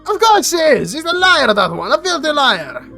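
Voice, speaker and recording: A proud male dwarf organizer, put on by a man in a fantasy video game, pitched well above the player's own voice. He talks loudly and indignantly, bristling at every challenge. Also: lively intonation, normal speed, soft background music. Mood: furious. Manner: loud and indignant.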